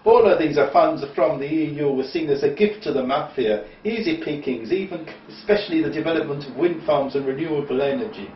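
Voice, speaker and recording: Guy doing a bad fake italian accent, blunt mafia boss, loud and a bit higher, roomy far-off lo-fi sound. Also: slight background noise, natural voice. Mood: scornful. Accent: put-on Italian. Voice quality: deliberately hammy, exaggerated delivery. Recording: roomy, distant, dull lo-fi.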